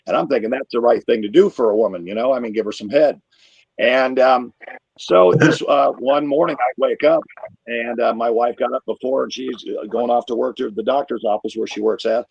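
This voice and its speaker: A man telling a crude, rambling stand-up story, getting loud when he acts himself out. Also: medium pitch, a little fast, creaky, slightly rough, dry recording, lo-fi sound. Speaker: comedian. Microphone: video call.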